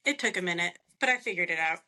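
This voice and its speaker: Bright-voiced ranting woman. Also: fairly low pitch, expressive, fast. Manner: ranting, profane. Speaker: podcast co-host, group admin. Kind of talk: casual chat.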